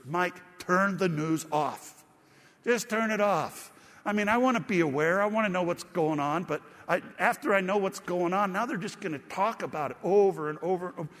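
A man preaching a sermon as pastor, telling stories in a conversational, animated way. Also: high voice, long reverb tail.

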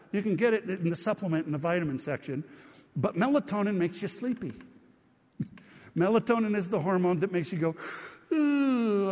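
A man preaching a sermon as a pastor, chatty and joking with his congregation. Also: high-pitched. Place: church hall. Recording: long reverb of a church hall.

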